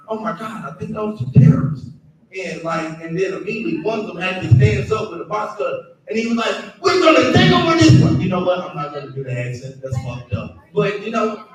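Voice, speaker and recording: A man hosting a comedy show and doing crude, rambling stand-up, often talking to the crowd. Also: high-pitched. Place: comedy club stage. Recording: echoey club room picked up from a distance.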